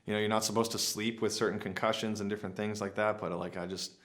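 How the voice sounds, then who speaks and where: A man's voice: lowish voice, level tone, fast, a bit bright. A young man casually recounting a personal story, rambling with many fillers and restarts. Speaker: vlogger.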